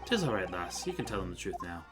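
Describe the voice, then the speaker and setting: A man doing a suave Irish gentleman. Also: low voice, big pitch swings, fast, pitched below the performer's own voice. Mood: reassuring. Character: smooth-talking Irish gentleman, charming and sly. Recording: game music behind.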